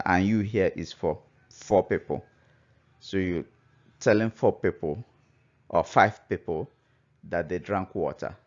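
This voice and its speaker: A man's voice: low-pitched, unhurried. A man teaching a language lesson, patiently explaining and repeating each phrase. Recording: dull lo-fi recording.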